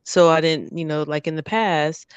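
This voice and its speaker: A woman co-hosting a talk show who responds in a measured, reflective way and uses clinical terms. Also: low voice, fairly even intonation, smooth, no echo. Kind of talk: reflective conversation.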